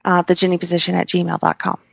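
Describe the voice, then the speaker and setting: Podcast guest, woman, gravelly, upbeat and friendly, dry close sound. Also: on the low side, monotone, fast talker, no echo, dull audio. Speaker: podcast guest and host of her own show. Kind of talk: casual chat.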